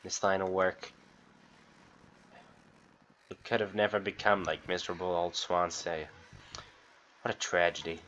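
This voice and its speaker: A gruff, bitter old mechanic drawls his lines in a low, coarse voice, as a man reads him out. The sound is dull and lo-fi. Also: fairly even intonation, unhurried, pauses often, a bit bright, a little hiss or hum. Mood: weary.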